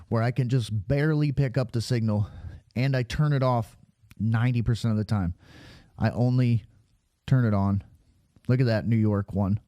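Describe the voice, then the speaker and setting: A man talks over footage on screen, out of breath and rambling, sliding from sarcasm into preaching. His voice is mellow and dark, and it sits close and dry on the mic. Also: medium pitch, no echo. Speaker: video creator. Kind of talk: casual commentary over weather radar footage.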